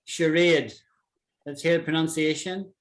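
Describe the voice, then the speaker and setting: A man's voice: a little high, a bit bright. A man from Britain teaching an online English lesson, patiently repeating words to show how they sound. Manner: patient, repeats words slowly to model pronunciation.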